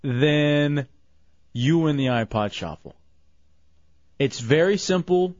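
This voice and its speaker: Brief: mid-pitched male host, crude and jokey, dry and dull radio sound. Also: expressive, slow pace, no room sound. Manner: crude, joking, loud when announcing. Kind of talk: casual radio banter.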